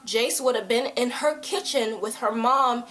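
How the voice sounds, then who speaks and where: A woman chatting casually through a TV episode recap, animated, jumping into loud high voices to act out lines. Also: a little slow. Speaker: TV episode reviewer. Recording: roomy echo.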